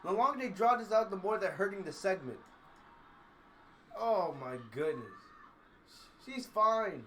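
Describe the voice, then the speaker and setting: Brief: man, very high bright voice, brash excitable wrestling reactor, laughs a lot. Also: measured pace, a little hiss or hum. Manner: excitable, brash, laughs often, trash-talks. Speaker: wrestling YouTuber. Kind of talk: live reaction commentary.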